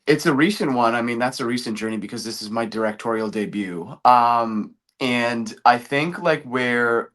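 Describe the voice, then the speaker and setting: A man's voice: medium pitch, normal speed, hardly any pauses, fairly bright tone. A man from Canada, a film director being interviewed, talking in an easygoing, friendly way and laughing readily. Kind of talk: casual interview chat.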